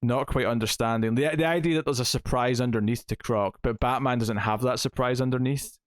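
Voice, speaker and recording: A man's voice: medium pitch, fairly even intonation, a little fast, dry recording, studio quality. A man co-hosting a podcast, casually retelling a comic's plot with lots of fillers. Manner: chatty, retells plot with acted quotes, many fillers. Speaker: podcast co-host reviewing comics. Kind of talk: casual review chat.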